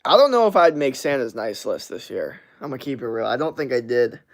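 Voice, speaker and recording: Talking a little fast in a sing-song, mid-range voice, a young man on a live stream chats loosely, swearing while he reads chat messages and responds to them.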